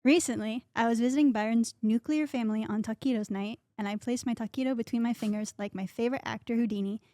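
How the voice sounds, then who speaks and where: A woman's voice: a little high, steady tone, quick pace, mellow, dry recording, clean studio sound. A woman reading listener questions aloud on a comedy podcast, earnest, plain and a little self-conscious.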